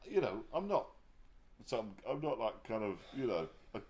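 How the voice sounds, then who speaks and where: A man talking candidly as an interview guest, often pausing and restarting his sentences before warming into animated storytelling. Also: mid-range voice. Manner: halting, restarts sentences, then grows animated telling anecdotes. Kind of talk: casual reflective conversation. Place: livestream conversation.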